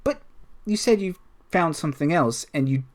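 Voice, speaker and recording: A man's voice: on the high side, animated, moderate pace, lightly acted. A man voicing a stern male official who cross-examines a witness with a put-on accent in a tabletop game. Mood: accusing. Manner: probing, formal questioning.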